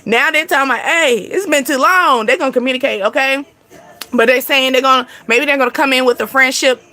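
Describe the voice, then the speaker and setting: Bright, high-pitched chatty woman reader. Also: brisk. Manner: chatty, laughs often, sings and acts out snippets; swears casually, addresses viewers as y'all. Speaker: spiritual reader. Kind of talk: casual astrology reading.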